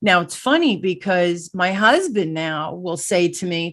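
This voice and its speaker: A middle-aged woman hosts a casual interview, telling personal stories with lively, self-deprecating energy. She sits at a middle pitch for a woman and often jumps quickly from one thought to the next. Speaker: podcast host.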